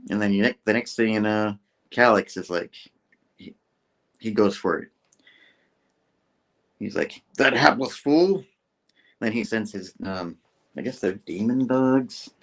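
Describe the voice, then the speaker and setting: A man's voice: lowish voice, unhurried, pauses often. A man hosting a comic book review show, recapping casually and rambling, with restarts and laughs.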